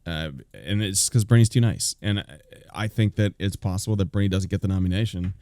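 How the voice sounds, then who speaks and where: A man's voice: deep voice, fairly quick, mellow, no room sound. A man live-streaming a reaction, incredulous, laughing often and swearing.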